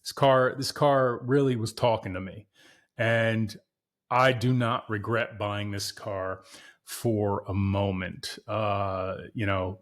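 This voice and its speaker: A man's voice: fairly low pitch, fairly even intonation, slow. A man hosting a podcast, chatting casually and candidly to viewers about his car, emphatic and repeating himself for emphasis. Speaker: podcast host.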